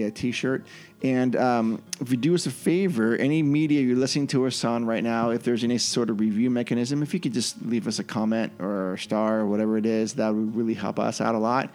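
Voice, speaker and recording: A man's voice: medium pitch, darkish tone. A man hosting a casual podcast, talking loosely with frequent ums and restarts. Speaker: podcast host. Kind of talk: casual chat.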